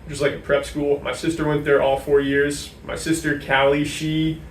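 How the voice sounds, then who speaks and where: Here the guest is a young sports information director from New Hampshire, talking chattily in an interview with "like" sprinkled all through. He speaks at a normal speed in a level, fairly high voice. It's recorded in an echoey space from a distant mic, with a little noise.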